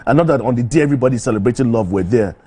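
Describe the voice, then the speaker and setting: A man on a studio panel show, chatting in a relaxed, conversational way and giving frank opinions. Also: mid-range voice, very fast, slightly rough.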